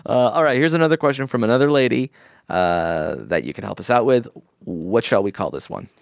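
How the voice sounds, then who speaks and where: A man hosting a podcast, chatty and quick with questions, reading listener letters aloud. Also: medium pitch, very animated, vocal fry, dry recording, studio quality. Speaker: podcast host. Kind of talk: casual podcast chat.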